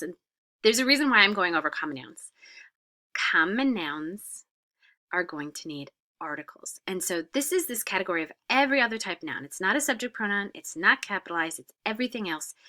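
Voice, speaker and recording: Lady teaching french grammar, pitch jumps around a lot, patient, says uh a lot. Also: expressive, fairly quick, sharp tone. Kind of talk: recorded grammar lesson.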